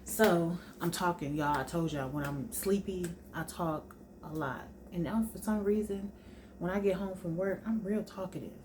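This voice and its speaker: A young adult woman vlogging in a relaxed sit-down chat, telling stories informally and talking straight to her viewers. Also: lowish voice, normal speed, slight background noise. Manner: chatty, informal storytelling, addresses viewers as y'all.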